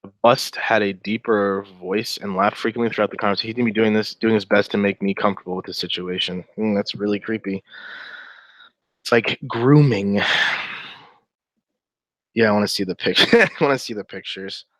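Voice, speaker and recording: A man's voice: fairly low pitch, steady tone, normal speed, no echo, low-quality recording. A man giving casual, sarcastic commentary while reading through a chat log aloud, with wry asides.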